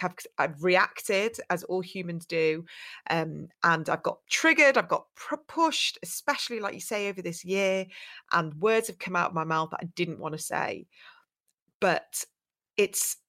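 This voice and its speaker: A woman's voice: lowish voice, normal speed, a bit bright. A woman hosting a podcast interview, talking in a reassuring, conversational way. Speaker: podcast host.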